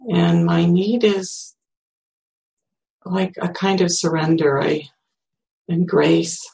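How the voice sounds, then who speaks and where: 60 yr old teacher, creaky voice, slow and searching, thinking out loud, mid pitch. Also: fairly even intonation. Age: 60s. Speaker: teacher demonstrating self-empathy. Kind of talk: reflective spoken demonstration.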